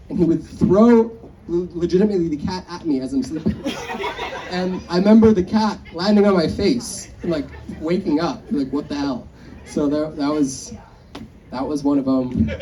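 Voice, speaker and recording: At a memorial gathering, a young man with a slightly high, warm voice gives a eulogy full of rambling anecdotes and frequent chuckles. A distant mic picks him up along with faint background noise.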